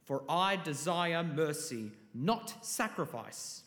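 A man giving a steady, declamatory Bible reading at a service. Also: fairly high pitch, slow. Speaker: scripture reader. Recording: long reverb of a large hall.

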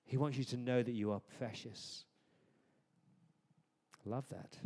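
A man preaching a conversational sermon, dropping to a hush at times and rising to emphatic points. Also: mid-range voice, steady tone, slow, husky. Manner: conversational, swings from hushed to emphatic. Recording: long hall reverb.

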